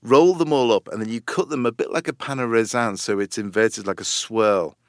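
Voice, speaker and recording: British man, middle-aged, low-pitched, dry close sound, enthusiastic baker, interview. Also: normal speed, dry recording. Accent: British English. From United Kingdom. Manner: enthusiastic, descriptive, laughs often. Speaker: baker and cookbook author. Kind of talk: radio interview.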